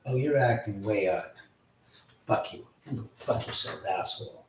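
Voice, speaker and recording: A man hosting a live stream, swearing in frustration at technical glitches, swinging from muttering to shouting. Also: lowish voice, animated, normal speed. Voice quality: loud profane outbursts, swinging from mutters to shouts. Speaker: livestream host. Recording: roomy echo, mic at a distance.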